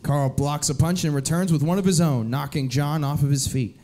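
A man's voice: a little high, moderate pace, mellow. A man narrating stage directions in a comedic live script reading, often breaking into giggles. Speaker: narrator and host.

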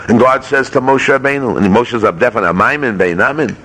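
A man's voice: medium pitch, unhurried, pauses often, a bit bright, husky. A man, a rabbi teaching a Torah class at a yeshiva, speaking emphatically, firing rhetorical questions and mixing Hebrew terms into his English. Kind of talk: Torah lecture. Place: yeshiva study hall.

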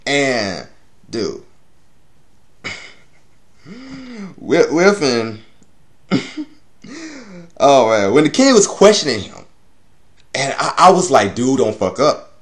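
A man's voice: mid-range voice, huge pitch swings, very slow, pauses often. A man giving a casual, rambling anime episode review, swearing and laughing often.

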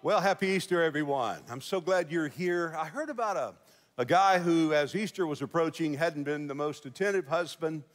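A man with a fairly high voice preaches to a congregation, spinning a folksy, joking story and laughing between lines. His voice rings through a large church hall with a long echo. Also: normal speed. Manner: folksy storytelling with jokes and chuckles. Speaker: pastor. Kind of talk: sermon. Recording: big reverberant church hall.

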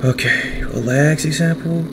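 A man's voice: a little high, measured pace, creaky, noisy background. A man giving casual, joking let's play commentary on a game, using slang and talking to his viewers. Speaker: gaming streamer. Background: guitar music.

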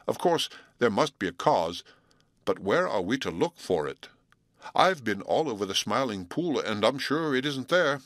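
A man voicing a touchy young male muskrat in a storybook, quick to snap. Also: mid-range voice, very animated, fairly bright tone, no room sound, studio quality, voice pushed up. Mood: snappish. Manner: snappish, questioning.

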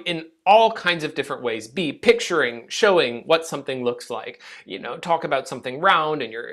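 Man lecturing on public speaking, lively pitch swings, demonstrative delivery, frequent restarts. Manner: animated, demonstrative, restarts phrases often. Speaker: speech teacher. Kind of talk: classroom lecture.

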